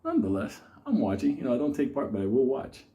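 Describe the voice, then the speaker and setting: A man's voice: mid-range voice, huge pitch swings, quick pace, dark tone. A man telling a rambling, profane story in a casual way, often breaking into laughter. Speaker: host.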